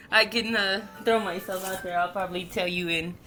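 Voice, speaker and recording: A woman's voice: mid-range voice, fairly even intonation, moderate pace, pushed and bright, slight background noise. A woman in her thirties, a guest telling her own story openly and frankly, with lots of "like" fillers. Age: 30s. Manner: open and frank, with many filler likes. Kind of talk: candid personal storytelling.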